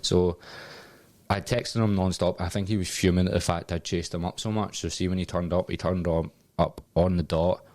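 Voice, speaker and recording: A man's voice: deep voice, little pitch movement, normal speed, a little mellow, no room sound. A Scottish man in his twenties telling a story in casual podcast chat, swearing freely and laughing at his own tale. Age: 20s. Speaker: podcast co-host.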